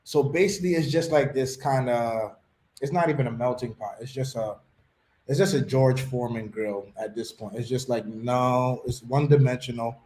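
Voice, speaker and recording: A man hosting a casual chat, telling stories in an animated way and dropping Spanish words into his talk. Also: medium pitch, moderate pace, a little hiss or hum. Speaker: host. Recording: roomy echo.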